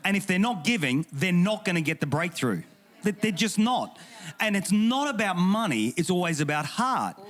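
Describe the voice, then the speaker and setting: A man's voice: sits high, very animated, normal speed, fairly bright tone. A man with an English accent, a pastor speaking on a panel, joking and emphatic, with frequent restarts. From England. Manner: humorous, emphatic and indignant, with repeated restarts. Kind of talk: panel discussion talk.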